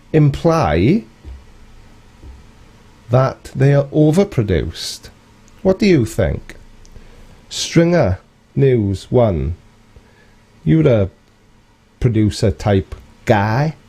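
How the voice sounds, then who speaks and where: A man's voice: medium pitch, warm tone, breathy edge. A man hosting a live stream, reading out viewer comments in a rambling, cheeky way and chuckling often.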